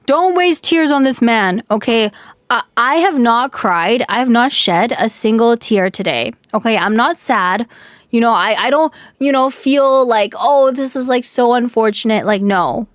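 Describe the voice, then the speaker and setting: A young woman streamer venting in casual live chat, talking fast with lots of "like", her voice a bit hoarse from yelling. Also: fairly high pitch, no room sound, clean studio sound.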